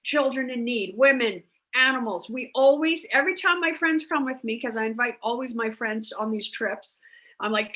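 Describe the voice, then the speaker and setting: Woman, rambling, chatty, lots of ums, higher voice, muffled lo-fi audio. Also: moderate pace, sharp tone. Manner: chatty and rambling, many fillers. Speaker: dog rescue founder, guest. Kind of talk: casual storytelling. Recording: dull lo-fi sound.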